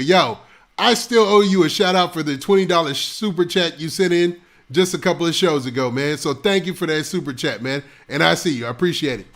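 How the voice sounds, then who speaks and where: A man hosting a casual live stream on a close mic, shouting out viewers' locations and talking in laid-back slang. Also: high-pitched, creaky. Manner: shouting out viewers' locations one after another.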